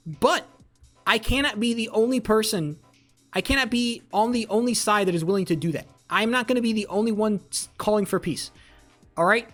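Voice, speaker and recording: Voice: mid-range voice, fairly quick, fairly bright tone, soft background music. Heated, profane live streamer ranting. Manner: heated, profane, repeats phrases for emphasis; talks back to chat messages. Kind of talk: casual live-stream political rant.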